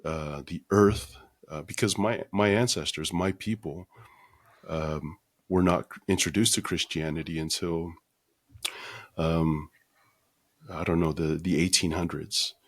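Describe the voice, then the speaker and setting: A man being interviewed as a podcast guest, talking in a measured, earnest way with frequent pauses. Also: low voice, fairly even intonation, no echo. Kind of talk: reflective interview conversation.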